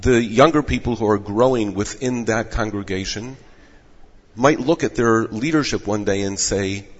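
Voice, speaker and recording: A fairly low, husky-voiced man losing his voice, explaining in a measured, advising way. The recording is dull with a long echo around him. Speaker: rabbinic placement director. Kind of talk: explanatory interview answers. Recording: echoey dull room audio.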